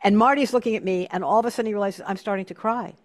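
A woman's voice: mid-range voice, rapid-fire. A woman hosting an interview, speaking earnestly and emotionally. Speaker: host. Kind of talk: conversational interview.

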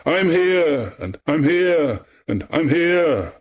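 A man's voice: sing-song, slow pace, exaggerated voice. A man voicing a lovesick nymph crying out. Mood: yearning. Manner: high, repeating, crying out. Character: young lovesick female nymph, echoing others.

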